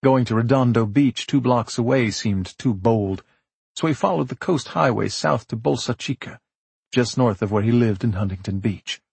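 A man narrating an audiobook in a measured, steady storytelling manner. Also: mid-range voice, vocal fry, slightly rough, dry recording.

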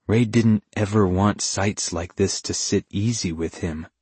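Guy narrating an audiobook, low husky voice, dry close sound. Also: darkish tone, no echo. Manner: measured storytelling. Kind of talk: scripted narration.

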